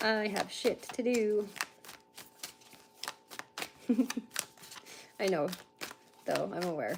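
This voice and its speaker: A tired young woman from Canada, chatting fast on a livestream with lots of fillers while she gives a card reading. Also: mid-range voice, animated, gravelly, noisy background. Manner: fast-talking, chatty, laughs often, many fillers. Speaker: tarantula reader on a livestream.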